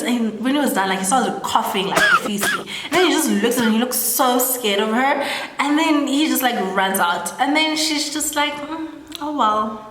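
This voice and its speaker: A woman's voice: high-pitched, a bit bright. A young woman casually recapping a film, chatty and full of fillers. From South Africa. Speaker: storyteller. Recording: echoey room, long reverb.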